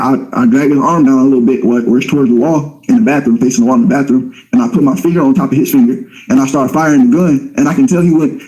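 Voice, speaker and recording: A man's voice: medium pitch, warm tone, low-quality recording. A man telling a story in blunt, profane street talk, as an interview guest. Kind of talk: casual storytelling.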